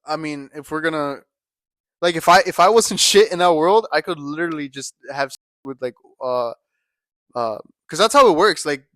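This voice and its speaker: A young man rambles through a casual podcast chat, piling on slang and fillers as he tells stories. His voice sits a little high. The sound is dry and close, with no room around it. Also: expressive, normal speed, a bit bright, dry recording. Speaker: podcast co-host.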